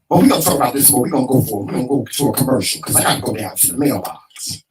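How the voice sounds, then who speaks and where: A man's voice: mid-range voice, animated, rapid-fire, distant mic, background noise. Frustrated man ranting, set back from the mic. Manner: emphatic, repetitive, swears freely, preacher-like cadence. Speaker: talk show co-host. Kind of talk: heated casual talk show rant.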